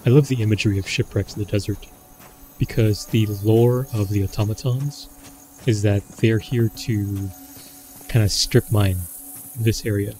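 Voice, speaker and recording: A man's voice: fairly low pitch, fairly even intonation, normal speed, warm tone, slight background noise. A man giving casual running commentary while playing a survival game, talking himself through his choices. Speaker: gameplay commentator.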